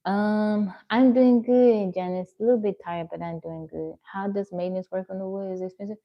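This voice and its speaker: A woman livestreams from home, chatting casually and reading out viewer comments one at a time. Her voice is mid-range with fairly even intonation, a little fast, and the high frequencies are cut off.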